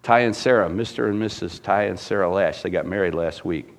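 A man's voice: low-pitched, fairly quick. A middle-aged man preaching a sermon with rising fervor and asking the congregation rhetorical questions. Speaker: pastor.

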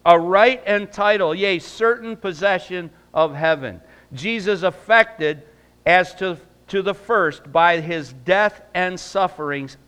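A man preaching a sermon in a church, emphatic and rising loud, then praying in a hushed voice. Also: a little high, clear, resonant tone. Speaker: pastor. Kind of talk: sermon and closing prayer. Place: church sanctuary.

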